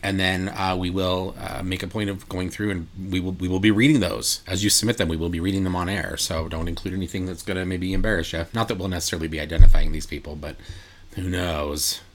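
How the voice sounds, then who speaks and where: Man, very low voice, casual podcast co-host who rambles and restarts a lot. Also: fairly even intonation, quick pace. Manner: rambling with many fillers and restarts. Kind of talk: casual chat.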